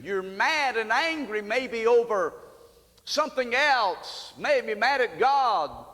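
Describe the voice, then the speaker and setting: Bright-voiced preacher in a reverberant hall. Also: male voice, high-pitched. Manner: earnest preaching, rising emphatic peaks. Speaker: pastor. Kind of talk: sermon.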